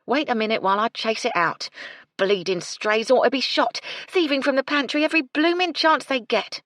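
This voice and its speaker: A woman voicing a loud, bossy working-class cook who scolds and swears. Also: a little high, moderate pace, dry recording, studio quality, pitched above the performer's own voice, close to an everyday voice. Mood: shouting. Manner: yelling, coarse, bossy.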